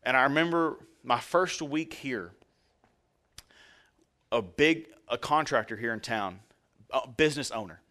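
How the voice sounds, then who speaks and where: A male pastor preaching at a middle pitch in a relaxed, conversational manner. He jokes and addresses the congregation directly as he speaks. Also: a little slow, long pauses. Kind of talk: sermon.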